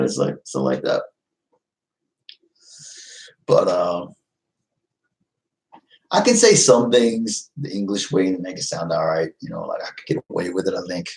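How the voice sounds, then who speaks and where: A man's voice: fairly low pitch, rough recording. A man chatting casually with his live-stream viewers, easygoing and rambling, often laughing. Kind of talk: casual livestream chat.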